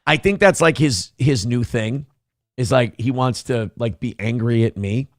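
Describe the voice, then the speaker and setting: A man's voice: medium pitch, unhurried, no echo, clean studio sound. A man hosting a casual livestream, talking in a rambling, mocking way and putting on over-the-top corny voices for his critics. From Minnesota. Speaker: livestream host.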